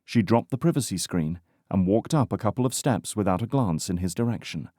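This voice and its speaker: This is scripted narration of a romantic suspense audiobook by a man with a fairly low voice. He keeps his delivery steady and measured, and the studio-quality audio carries no room sound at all.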